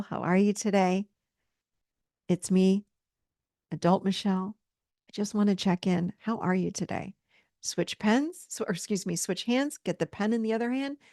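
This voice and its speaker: A woman's voice: medium pitch, vocal fry, no echo, studio quality. A woman hosting a self-help course, teaching with an encouraging, repetitive manner. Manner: warm, encouraging, repeats phrases for emphasis. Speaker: coach and course host.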